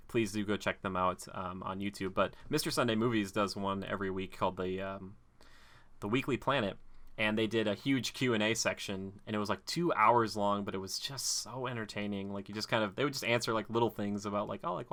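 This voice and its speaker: Man, podcast host, casual rambling chat, low-ish pitch, bright tone. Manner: rambling, filler-heavy talk.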